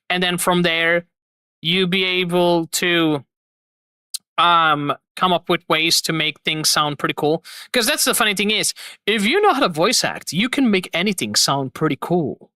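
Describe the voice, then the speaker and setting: A man's voice: sits high, bright, forceful tone, no room sound. A man hosting a live stream, chatting casually to his viewers in an upbeat, rambling, slangy way. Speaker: streamer host.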